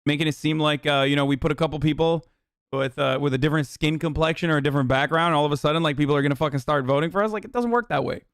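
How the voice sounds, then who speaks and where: A man's voice: on the high side, rapid-fire, clear, resonant tone, no echo, clean studio sound. A man streaming a casual reaction commentary, blunt and profane, with scornful laughs.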